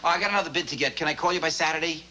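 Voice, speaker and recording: A man's voice: a little high, very fast, heavy background noise, close to an everyday voice. An actor playing a flustered grown son in a sitcom who stammers and trips over his words. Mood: amused. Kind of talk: sitcom acting.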